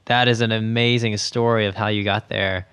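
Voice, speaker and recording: A man's voice: on the low side, fairly even intonation, normal speed, fairly bright tone, smooth. A man interviewing a guest, asking follow-up questions and giving brief encouraging responses.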